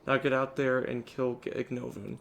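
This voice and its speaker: A sick man reading the lines of an earnest, formal male military commander from a video game, in a measured way. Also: medium pitch, little pitch movement, creaky, a bit bright, slight background noise.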